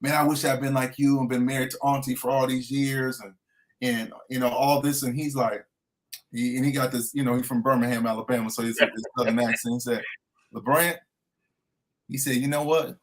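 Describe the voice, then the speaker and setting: A man's voice: mid-range voice, little pitch movement, a little fast. A middle-aged man, a transformation coach, talking earnestly in an inspirational interview and repeating his key phrases like a preacher.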